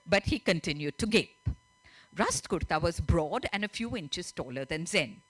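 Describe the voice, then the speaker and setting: Her voice sits lowish, husky and a bit bright, animated at a normal pace, in a dry recording. She's an author on a literature festival stage, reading and telling her story in a chatty way with frequent laughter.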